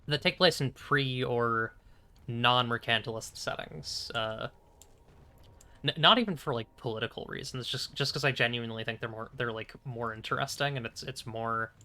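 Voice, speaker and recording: Young male streamer, bright tone, loose casual chat, halting and chuckly. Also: mid-range voice, clear, resonant tone. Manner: rambling, hesitant, lots of fillers and restarts, chuckling. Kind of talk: casual chat while playing a game.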